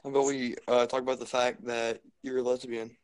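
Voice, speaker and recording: A man hosts a casual podcast with a crude, joking manner and plenty of swearing. His voice sits at an ordinary middle pitch. The sound is dry and close. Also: level tone, a little fast, dry recording. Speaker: podcast host. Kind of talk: casual chat.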